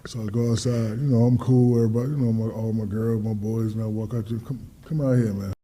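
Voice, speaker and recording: Fast and lowish, this is a man in his fifties appearing as a guest athlete in a casual interview. He's an animated storyteller who acts out the dialogue and swears freely.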